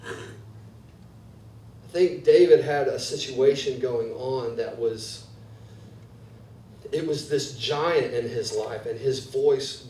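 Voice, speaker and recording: A man's voice: medium pitch, mellow, echoey room, recorded from a distance, a little hiss or hum, low-quality recording. A pastor preaching a sermon, earnest and repeating words as he builds each point. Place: church sanctuary.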